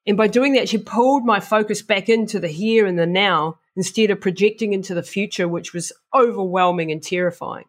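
A middle-aged woman with a New Zealand accent talks as an interview guest, telling stories frankly and earthily. She is animated, slipping into the voices in her head as she goes. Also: medium pitch, fairly quick, few pauses. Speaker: guest, ultra endurance athlete. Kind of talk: casual interview storytelling.

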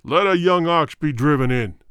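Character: haughty old tribal king read by a man, low, loud and commanding, dry close voice. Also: expressive, clean tone, no echo. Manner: slow, commanding and disdainful. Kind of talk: audiobook character voice.

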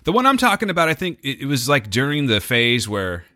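A man's voice: medium pitch, wildly swooping pitch, fairly quick, bright, forceful tone. An older man co-hosting a casual chat, laid-back and joking.

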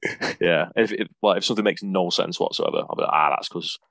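A man chats loosely as a podcast guest, full of ums and self-deprecating asides. His voice sits very low, and the sound is dry and close. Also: fast, a bit bright, dry recording. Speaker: wrestler guest. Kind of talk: casual podcast interview.

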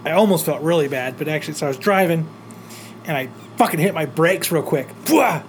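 A man's voice: a little high, brisk, a little hiss or hum. A man telling road-rage stories in a casual chat, rambling and swearing a lot.

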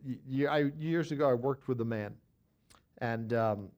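A man's voice: medium pitch, normal speed, a little mellow. Man teaching Bible study in folksy style. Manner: conversational, with frequent restarts and repeated words.

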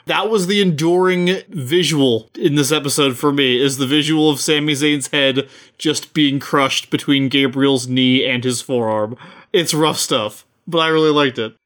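A man co-hosting a podcast who talks quickly in casual chat and laughs often. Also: mid-range voice, fairly bright tone. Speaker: podcast co-host.

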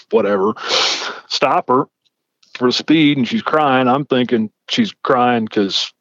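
A former police chief who now hosts a podcast swaps traffic-stop stories in easygoing chat, animatedly acting out the quoted dialogue. His mid-range voice moves slowly, and the recording is dry, dull and lo-fi.

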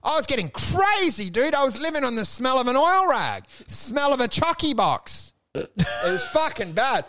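A man with a gravelly voice, co-hosting a casual podcast chat and telling animated, loud stories full of swearing and acted-out quotes. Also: very high voice, normal speed. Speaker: podcast co-host and stand-up comedian.

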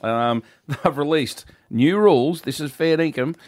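A man's voice: a little high, measured pace, a little mellow, dry recording, studio quality. An older Australian man co-hosting a radio show, telling indignant, self-mocking stories in casual banter. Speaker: radio co-host.

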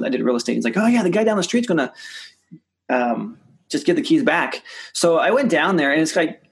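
A man, a real estate investor, telling deal stories in a casual interview, restarting sentences and acting out quoted dialogue in a lively way. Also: creaky. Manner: animated, acts out quoted dialogue with rising pitch; many restarts and repeated words.

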